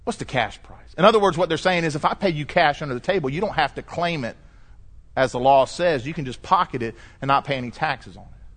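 A middle-aged man pastor delivering a sermon, preaching emphatically and rising to loud cries when he quotes scripture. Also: a little high, fast.

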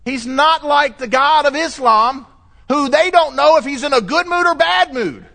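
High-pitched middle-aged man, pastor, emphatic sermon delivery, loud cries on scripture. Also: moderate pace, creaky.

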